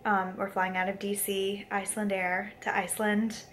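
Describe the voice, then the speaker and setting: A woman's voice: mid-range voice, level tone, moderate pace, a bit bright, a little hiss or hum, poor audio. A young woman chatting casually in a video blog, talking with frequent fillers. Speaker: vlogger. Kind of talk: casual vlog chat.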